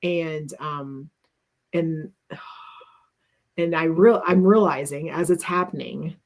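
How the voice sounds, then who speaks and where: A woman's voice: deep voice, takes it slowly, darkish tone. A middle-aged woman co-hosting a talk, telling a personal story in an earnest, reflective way and often restarting her sentences.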